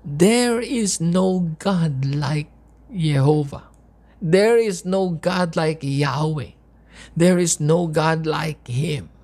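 A woman's voice: deep voice, slow pace, mellow. A woman preaching a sermon, impassioned and emotional, asking repeated rhetorical questions.

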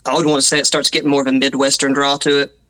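A man's voice: mid-range voice, little pitch movement, rapid-fire, fairly bright tone, rough recording. A man with a Southern Appalachian accent, a musician being interviewed, talking casually with restarts and self-deprecating asides. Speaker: musician guest.

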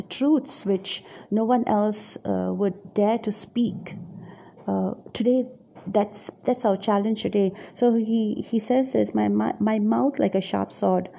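Woman preacher, husky mellow voice, reflective sermon, halting and thoughtful. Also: medium pitch. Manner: musing, searching for words with many fillers.

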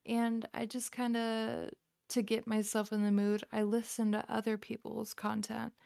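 Woman guest, gravelly fry in the voice, easygoing filler talk, dry close sound. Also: on the high side, measured pace, no echo. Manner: relaxed, filler-heavy. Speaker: voice actor guest. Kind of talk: casual chat.

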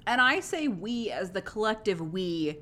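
A woman in her thirties co-hosting a podcast, chatting playfully in quick jokey banter. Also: mid-range voice, very animated, pushed and bright. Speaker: podcast co-host. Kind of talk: casual chat.

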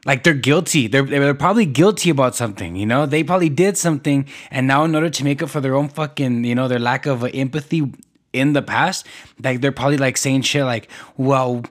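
A man's voice: mid-range voice, quick pace. Young dude ranting alone on his podcast, swears a lot, keeps restarting sentences. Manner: profane, rambling, with many restarts and fillers. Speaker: podcast host. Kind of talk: solo podcast rant.

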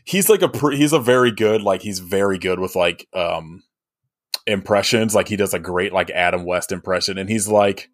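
A man's voice: deep voice, normal speed. A man in casual podcast chat about a movie, rambling with many fillers and frequent laughs. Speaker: podcast co-host.

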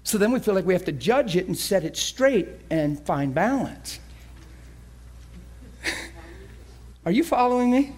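A man preaching a sermon, telling a story with animated energy that swings from hushed to shouting. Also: sits high, unhurried, pauses often. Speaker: pastor.

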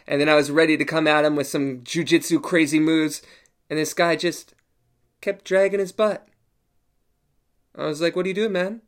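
Host, male, high voice, lively casual storyteller with profanity and sound effects. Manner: animated, profane, acts out quotes and sound effects. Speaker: show host.

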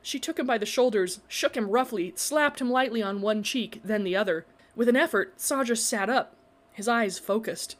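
A woman narrating a story in a measured, expressive reading. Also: on the high side.

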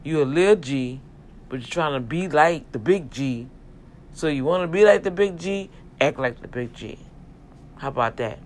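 A man's voice: fairly high pitch, a little hiss or hum. A man in a casual, sermon-like rant to his viewers, emphatic and folksy, urging them toward God. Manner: talks directly to viewers, folksy. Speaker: vlogger and self-publisher. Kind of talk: casual preachy rant to camera.

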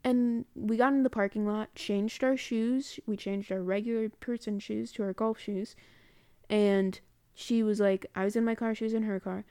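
A woman's voice: mid-range voice, steady tone, normal speed, mellow, clear, resonant tone, no room sound, studio quality. A woman telling a story in a casual audio diary, rambling and correcting herself as she goes. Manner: rambling, chatty, corrects herself mid-sentence. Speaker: student recording a personal audio diary.

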